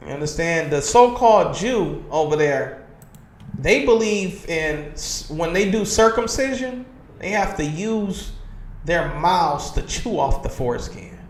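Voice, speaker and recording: A man with a notably high voice leads a streamed religious class in a forceful preaching style. He drives each point home and keeps asking his listeners if they understand. His voice rings around an echoey room. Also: animated, unhurried, slight background noise. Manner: emphatic, constantly asks "you understand?" and says "man". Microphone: livestream computer mic.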